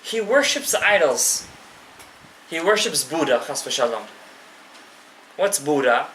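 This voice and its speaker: Male rabbi teaching a live class, impassioned and direct, bright tone, swinging pitch, echoey room. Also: very animated, takes it slowly, a little hiss or hum. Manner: impassioned, addresses listeners directly, mixes in Hebrew terms. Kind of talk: live Torah class to an audience.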